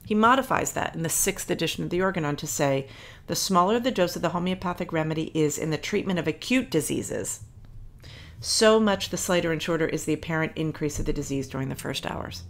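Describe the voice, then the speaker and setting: A woman's voice: deep voice, a little fast. A woman co-hosting a podcast, explaining points at length, reading quotations aloud and stopping to correct herself. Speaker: podcast co-host. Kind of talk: casual podcast discussion. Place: Philadelphia area.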